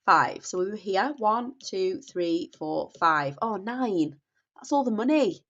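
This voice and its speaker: A woman in her thirties from North West England, with a Northern English accent, chats casually and apologetically about her spending as a budgeting vlogger. She has a cold, so her mid-range voice sounds nasal and bunged up, though animated, slow and fairly bright, and she often restarts and says sorry. The dull lo-fi home recording suits the relaxed talk.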